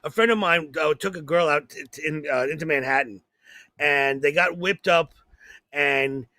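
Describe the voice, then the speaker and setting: A man tells a rambling, excitable anecdote on a comedy podcast. His voice sits high for a man and sounds bright and sharp, and he keeps restarting his sentences. The recording is close and dry. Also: normal speed, dry recording. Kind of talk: casual chat, storytelling.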